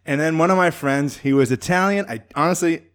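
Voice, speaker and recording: A man co-hosting a podcast, telling a story in casual chat, animated and laughing as he acts out what people said. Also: fairly high pitch, brisk. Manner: animated, laughs through his own story, acts out quotes. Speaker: podcast co-host.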